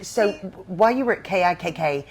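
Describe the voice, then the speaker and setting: A woman's voice: fairly low pitch, animated, a little fast, noisy background. Enthusiastic middle-aged woman host. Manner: enthusiastic, frequent affirmations and exclamations. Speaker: talk show host. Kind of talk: casual interview.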